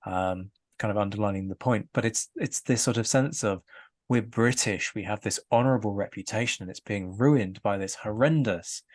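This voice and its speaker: A man appearing as a guest in a casual history discussion, animated and wry, laughing lightly as he makes his points. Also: lowish voice, moderate pace.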